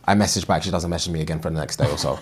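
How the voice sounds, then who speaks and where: A young man, co-hosting a casual podcast and talking things through in a measured, reflective way. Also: very deep voice, slight background noise. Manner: measured, reflective, many agreeing murmurs. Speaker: podcast co-host. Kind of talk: casual chat.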